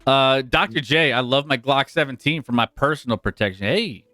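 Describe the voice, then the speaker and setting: A man's voice: medium pitch, normal speed, bright, forceful tone, no room sound, soft background music. A man co-hosting a casual sports chat show, who laughs often and talks in a loose, chatty way. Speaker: co-host.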